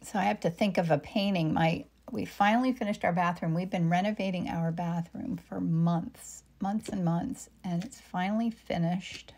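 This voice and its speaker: With a fairly low, darkish voice at a moderate pace and few pauses, a middle-aged painter chats casually on her live-stream demo. She reads out viewer comments and murmurs to herself as she paints.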